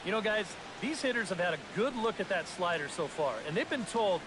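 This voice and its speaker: A man giving color commentary on baseball in a video game, with relaxed, folksy analysis. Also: high-pitched, brisk, noisy background.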